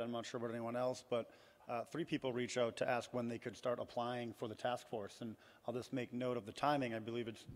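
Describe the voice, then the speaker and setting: Man, city councilor, matter-of-fact, flat delivery, echoing room. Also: medium pitch. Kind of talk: council floor remarks. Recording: long reverb of a council chamber.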